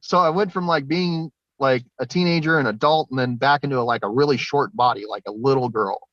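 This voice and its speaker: A man's voice: medium pitch, brisk, a bit bright, dry recording. A man telling his story in casual, rambling speech, swearing often and laughing between lines. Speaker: guest. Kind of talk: casual spoken testimony. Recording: dull lo-fi sound, dry.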